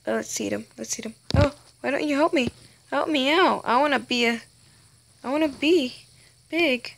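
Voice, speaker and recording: Female gamer host, high and a bit fried, unhurried, excitable chatter over gameplay. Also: gravelly, a little hiss or hum. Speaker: gaming channel host. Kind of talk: gameplay commentary.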